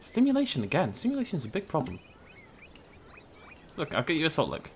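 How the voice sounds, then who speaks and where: Quick-paced but pausing often, a young gaming host speaks in a gravelly, medium-pitched voice with huge pitch swings. He keeps the let's-play commentary casual and jokey, talking to the animals on screen and shrieking when startled. Slight background noise is present.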